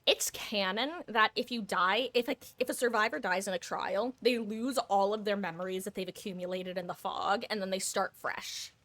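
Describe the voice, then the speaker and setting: A woman's voice: mid-range voice, fairly even intonation, normal speed, few pauses, a bit bright. A woman streaming a game live, chatting casually to viewers in a rambling way, laughing often and correcting herself. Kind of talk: casual live-stream chat while gaming.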